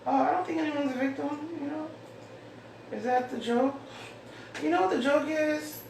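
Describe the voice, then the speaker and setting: A woman's voice: high-pitched, moderate pace, creaky, a little mellow. Rambling woman in a very echoey room. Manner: rambling, chatty, thinks aloud. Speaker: host. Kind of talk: casual solo chat, reading out mail. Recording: echoey room, far from mic, faint hiss.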